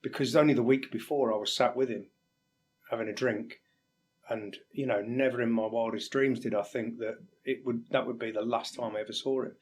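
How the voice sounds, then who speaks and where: Candid, halting male firefighter guest. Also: medium pitch, steady tone. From England. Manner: candid, halting, acts out quoted exchanges. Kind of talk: reflective interview talk.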